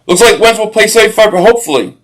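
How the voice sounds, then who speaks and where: Man, high voice, rambling live-stream chat, restarts sentences, reacts to plays. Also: racing, poor audio. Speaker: live stream watch party host. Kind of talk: casual live-stream chat reading viewer comments.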